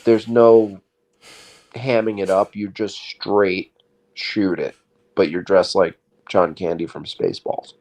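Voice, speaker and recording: A man co-hosting a comedy podcast, talking in casual, deadpan, teasing banter. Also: slow. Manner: deadpan, teasing, lively pitch. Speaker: co-host.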